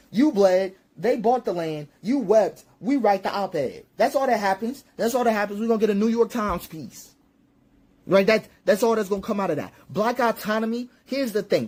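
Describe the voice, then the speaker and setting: A man's voice: high voice, darkish tone. A man giving impassioned spoken commentary, preachy and repetitive, with rhetorical questions and emphatic peaks.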